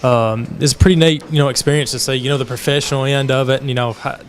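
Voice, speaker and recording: A teenage boy, a musician guest on a talk show, with a mid-pitched voice. He answers hesitantly and lazily, stacking fillers between his thoughts. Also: steady tone, fast. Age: teens. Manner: hesitant, filler-heavy, laid-back. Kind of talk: casual interview chat.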